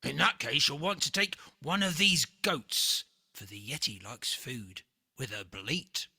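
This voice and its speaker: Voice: medium pitch, measured pace, vocal fry, slightly rough, heavily acted. A reader voicing an insulted, growling female monster in a picture-book read-aloud. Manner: insulted, loud.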